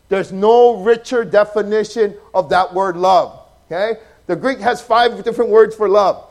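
A pastor, preaching a sermon that swings from loud, emphatic passages to soft, hushed ones. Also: male voice, sits high, unhurried, hardly any pauses. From Hawaii.

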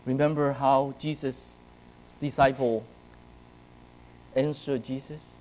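In a warm, mid-range voice, a pastor preaches slowly and with flat delivery to his congregation at church. He keeps things conversational, often asking "right?" and "okay?", and the recording is rough.

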